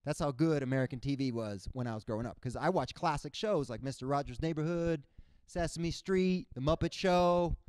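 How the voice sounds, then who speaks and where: A young man from Cuba works through a stand-up set with a smooth, clear voice held close to the mic in a dry sound. His everyday pitch sits a little high, and he keeps breaking into animated, squeaky character voices. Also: normal speed, no echo. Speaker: stand-up comedian. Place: comedy stage before a live audience.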